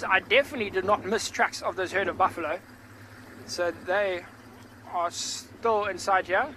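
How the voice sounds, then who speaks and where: A man's voice: sits high, bright, forceful tone, a little hiss or hum, low-quality recording. A man working as a safari guide, giving chatty live game drive commentary outdoors from a vehicle and answering viewer comments.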